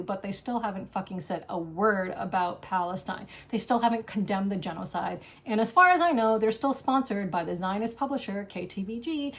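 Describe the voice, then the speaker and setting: A woman's voice: mid-range voice, expressive, moderate pace, hardly any pauses. A woman hosting a board game show, delivering an angry, impassioned, profane solo rant. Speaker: board game video host. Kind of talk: solo ranting monologue.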